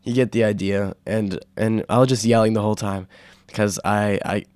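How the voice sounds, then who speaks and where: A young man hosting a casual solo podcast, rambling with fillers and restarts, his throat sore from yelling. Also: on the low side, fairly even intonation, normal speed, clean tone, no room sound. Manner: rambling, full of fillers and self-corrections. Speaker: podcast host.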